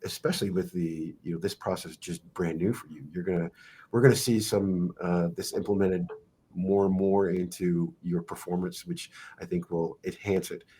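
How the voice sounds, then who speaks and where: A middle-aged man hosting a sports podcast, telling stories in a rambling, halting way with many fillers. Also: low-pitched, steady tone, warm tone, breathy edge. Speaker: podcast host and wrestling coach. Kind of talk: podcast interview.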